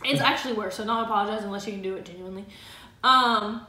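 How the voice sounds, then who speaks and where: A woman co-hosting a casual advice chat with her partner, talking freely with lots of "like" and quick laughs. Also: medium pitch, pushed and bright, roomy sound. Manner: chatty, laughs easily, filler 'like'. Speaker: co-host of a couple's channel.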